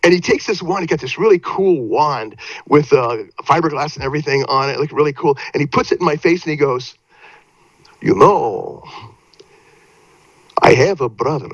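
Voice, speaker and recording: An older man telling showbiz stories as a guest, vivid and lively, often tripping over his own restarts. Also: fairly high pitch, quick pace, dry recording. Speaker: guest actor. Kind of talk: animated anecdote storytelling. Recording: dry, slightly dull audio.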